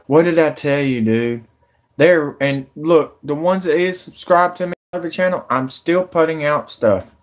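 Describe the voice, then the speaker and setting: A man's voice: fairly high pitch, measured pace. A man talking on a live stream, urgent and rambling as he addresses his viewers. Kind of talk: excited live stream talk.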